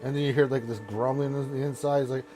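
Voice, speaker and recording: A man's voice: medium pitch, fairly even intonation, fast, music in the background. A man narrating a tabletop game as game master, rambling with restarts.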